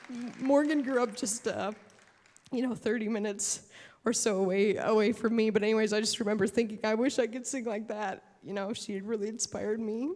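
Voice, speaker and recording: A woman from Alberta giving an emotional award acceptance speech from a stage, halting with many fillers and restarts. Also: mid-range voice, fairly even intonation, a little mellow. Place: large hall at an awards show. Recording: long hall reverb.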